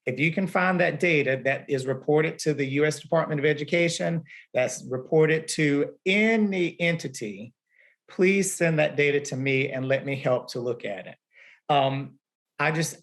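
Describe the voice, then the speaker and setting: A man's voice: fairly high pitch, moderate pace, creaky, a bit bright. A man who teaches the arts, speaking in an impassioned and pointed way during a panel discussion over a video call.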